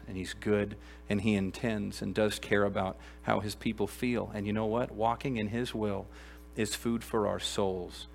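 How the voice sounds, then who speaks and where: Guy pastor preaching in church, gets loud then drops quiet, keeps asking the crowd stuff. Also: fairly low pitch, vocal fry, slight background noise. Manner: emphatic, swings between loud exclamations and quiet earnest asides; addresses the congregation directly with questions. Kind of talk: sermon.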